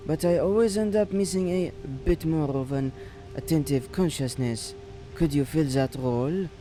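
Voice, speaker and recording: A man voicing a calm, lonely French woman storyteller in a put-on French accent, speaking slowly and softly. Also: fairly high pitch, voice pushed up.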